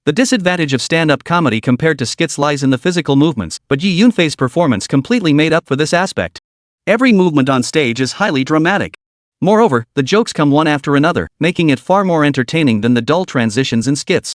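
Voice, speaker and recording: A man's voice: fairly high pitch, animated, fast talker, dry recording, studio quality. A man narrating a comic story recap in a scripted storytelling style, voicing every character himself.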